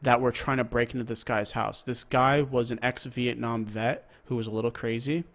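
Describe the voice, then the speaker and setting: A man co-hosting a podcast, retelling a story in a lively, emotional way with plenty of swearing. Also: mid-range voice, moderate pace. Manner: animated storytelling, swears freely. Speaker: podcast co-host. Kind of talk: casual chat.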